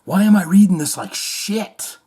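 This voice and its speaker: A man's voice: high-pitched, animated, moderate pace, warm tone, slight background noise. Irreverent man riffing on music news. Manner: irreverent, rambling, swears, mock-reads quotes. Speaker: host. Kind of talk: casual commentary on music news.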